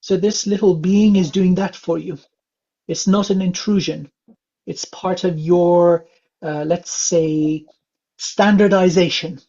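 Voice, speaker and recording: Man, gravelly voice, husky, calm gentle reading, lots of uhs, dull lo-fi recording. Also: high voice. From England. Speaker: spiritual reader. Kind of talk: psychic reading session. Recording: dull lo-fi sound.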